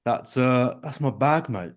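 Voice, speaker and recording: A man's voice: mid-range voice, animated, measured pace. Guy who coaches online, mid voice, jokes at himself a lot on a podcast. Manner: self-deprecating, joking. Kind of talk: casual chat.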